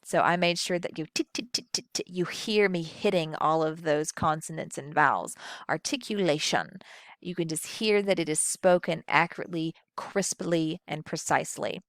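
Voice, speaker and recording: A woman with a Southern US accent gives a recorded lecture on public speaking. Her voice sits a little low and comes through smooth and clear. She plays up her delivery to show each technique, and the recording is dry and close. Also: moderate pace, hardly any pauses, no room sound. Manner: expressive, demonstrates vocal techniques.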